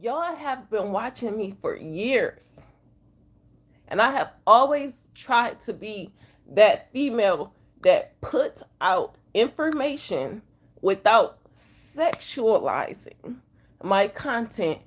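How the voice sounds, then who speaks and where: A woman's voice: a little high, very animated, husky. A woman truck driver, vlogging to her viewers, upset and emotional after just waking up. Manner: talks slowly and drawls, addresses viewers as y'all. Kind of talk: emotional casual vlog to viewers.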